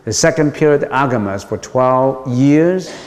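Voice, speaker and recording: A man's voice: medium pitch, expressive, moderate pace. A man, a Buddhist monk, giving a dharma lecture in a patient way, repeating key points with frequent ums. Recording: long hall reverb.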